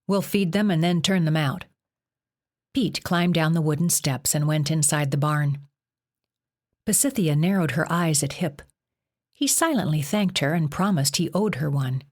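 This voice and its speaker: A woman narrating an audiobook in a steady, measured way. Her voice is low and deep for a woman. The reading stays even from line to line. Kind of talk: scripted narration.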